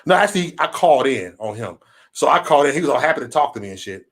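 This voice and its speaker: Man, AAVE, live stream host, profane rant, lively pitch. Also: fast talker. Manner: animated, swearing, acts out quotes.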